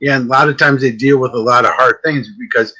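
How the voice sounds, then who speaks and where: A man, a psychic medium guest, chatting casually and telling jokey stories with quick asides. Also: mid-range voice, steady tone, sharp tone, poor audio. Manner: joking storyteller, quick asides. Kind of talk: casual chat.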